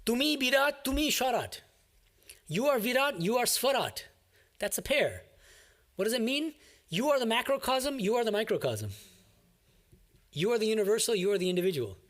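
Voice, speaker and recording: A monk speaks to his class in a lively, explanatory way and stresses his key points. His voice sits a little high for a man. The tone is that of a classroom commentary. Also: fairly quick, long pauses. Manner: animated, explanatory, emphatic. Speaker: monk teaching a scripture class. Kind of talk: classroom commentary on a scripture reading.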